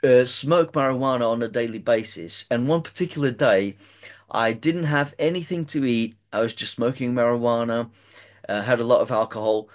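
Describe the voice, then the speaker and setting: A man's voice: medium pitch, moderate pace. A man interviewing a guest and recounting a personal experience at length, often hesitating and repeating words as he talks.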